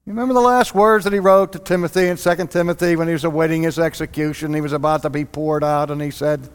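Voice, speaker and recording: A man preaching a sermon in an animated way, firing rhetorical questions at his congregation. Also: a little high, quick pace, hardly any pauses, smooth, in a large hall.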